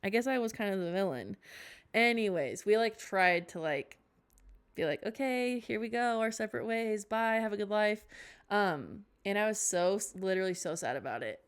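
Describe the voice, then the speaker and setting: Speaking at an ordinary speed, this young podcast host has an expressive, mid-range voice that sounds clear and resonant. Her casual storytime chat wanders through tangents, and she pokes fun at herself along the way.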